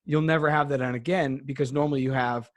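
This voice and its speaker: A man in his thirties talking on a podcast in a relaxed, easygoing way, full of fillers. The recording is dry and close. His pitch sits in a middle range. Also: fast talker, no room sound. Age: 30s. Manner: relaxed explaining, filler-heavy. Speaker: podcast host. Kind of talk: casual conversation.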